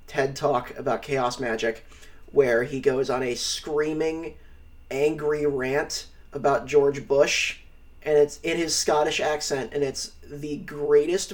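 A man co-hosting a podcast, chatting casually in an excitable, profane, enthusiastic way. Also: mid-range voice. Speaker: podcast co-host. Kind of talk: casual chat.

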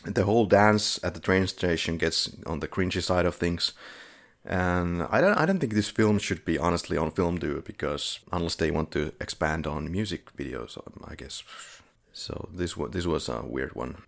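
A man's voice: deep voice, moderate pace, gravelly. A man co-hosting a podcast, reviewing short films in casual chat with dry sarcasm and frequent chuckles. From Finland. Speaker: podcast co-host.

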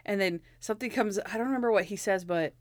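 A young woman chatting casually about a TV episode, animated, acting out the characters' lines, with lots of "like" fillers. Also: medium pitch, fast, no echo, clean studio sound. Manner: frequent "like" fillers. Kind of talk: casual chat recapping a TV episode.

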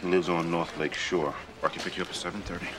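A proud, stern surgical resident played by a man in a TV hospital drama. His low voice gives short, clipped replies over a clear bed of hospital bustle. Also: little pitch movement, fast, background noise, close to an everyday voice. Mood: awkward.

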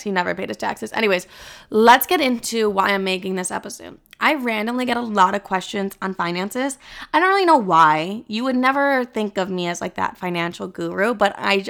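A woman's voice: medium pitch, normal speed, gravelly, fairly bright tone, smooth. A young woman from Chicago hosting a podcast, chatting casually and swearing a lot, with many "like" fillers. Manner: chatty, profane, lots of "like" fillers. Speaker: podcast host. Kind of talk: casual chat.

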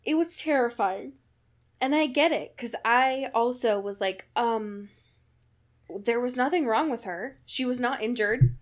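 A woman in relaxed podcast chat who talks slowly and wryly, her voice sitting a little high. She laughs often as she recaps. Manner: sarcastic, laughs often, reads passages in mock voices. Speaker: podcast co-host. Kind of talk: casual chat.

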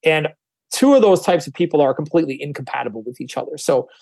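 A man talks at a rapid clip in a fairly high voice, a music producer chatting casually. He acts out the people in his stories and drops the odd curse word. The recording is dry and close, with no room sound. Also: gravelly, dry recording. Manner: fast, animated storytelling, acting out other people's voices; swears casually. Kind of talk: casual podcast chat.

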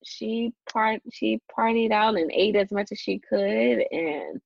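On a dull, lo-fi, dry recording, a young podcast host chats casually in a medium-pitched, creaky, darkish voice at a measured pace. She rambles with frequent fillers and restarts and laughs often.

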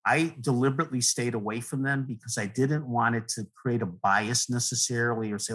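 Middle-aged man, husky voice, earnest, rambling, restarts often, interview guest. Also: mid-range voice, fairly even intonation, a little fast, hardly any pauses, rough recording. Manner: rambling, earnest, frequent restarts and soft laughs. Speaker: guest poet. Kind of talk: relaxed conversational interview.

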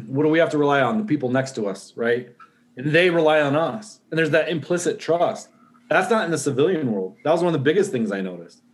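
A man hosting a casual conversation, agreeable and quick to chime in. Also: on the high side, lively intonation. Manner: agreeable, lots of backchannel.

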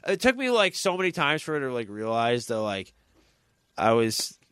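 A man's voice: medium pitch, big pitch swings, moderate pace, a bit bright, clear, resonant tone, no echo. A young man hosting a podcast, telling a long rambling story in casual chat with many restarts. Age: young adult. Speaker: podcast host.

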